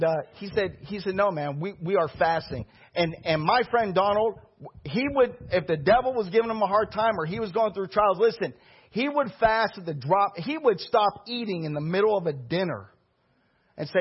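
A man preaching a sermon, telling stories in a lively, conversational way to his congregation. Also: fairly high pitch, breathy edge. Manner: storytelling preacher, animated and conversational. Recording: dull lo-fi recording.

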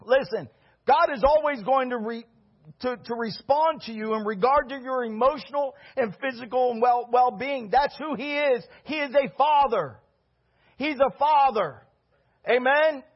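A man preaching a sermon as pastor, animated, with rhetorical questions and shouted peaks. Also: very high-pitched, unhurried, muffled recording.

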